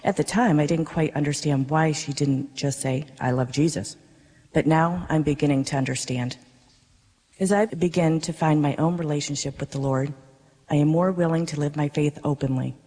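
A woman, a parishioner, reading her personal faith testimony to a congregation in an earnest, measured way. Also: deep voice, warm tone. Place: darkened church worship space. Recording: reverberant worship space.

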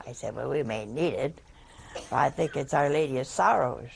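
A woman's voice: a bass voice, normal speed, gravelly, very noisy. An older woman telling a humorous anecdote in a wry, self-mocking way.

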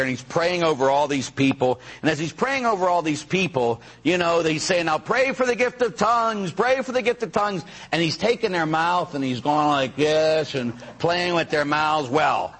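His sermon unfolds as a string of chatty stories in which the Catholic priest mimics the people involved and keeps adding "huh?" to his lines. The voice is mid-range, husky and a bit bright.

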